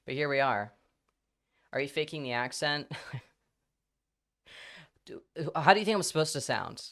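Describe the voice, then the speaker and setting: A livestreamer chatting loosely with viewers, playful and swearing freely. The voice is bright and forward with a very lively, bouncing pitch, and it slides between accents mid-stream. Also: moderate pace. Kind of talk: casual live-stream chat.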